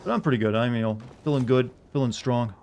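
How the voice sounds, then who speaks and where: A man's voice: medium pitch, quick pace, darkish tone, a little hiss or hum. A young man streaming a video game, chatting casually with viewers in a rambling way, full of filler words. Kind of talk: casual gameplay chat with viewers.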